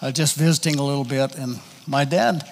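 Give me a male preacher telling a personal story in a halting, conversational sermon, his voice ringing in a reverberant church hall. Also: mid-range voice. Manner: folksy, halting, personal anecdotes.

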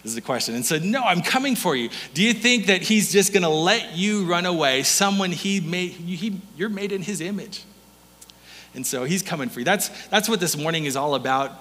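Bright-voiced man preaching in a hall. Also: sits high, animated, moderate pace. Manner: playful storyteller, chuckles between points. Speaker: pastor. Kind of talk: sermon. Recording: long hall reverb.

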